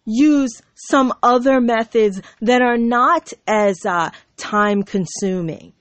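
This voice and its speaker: A woman's voice: a little high, slow pace, few pauses, dry recording. A woman hosting her own show, delivering an aggrieved, sarcastic monologue with mocking asides. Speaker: show host. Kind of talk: ranting monologue to camera. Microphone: computer mic.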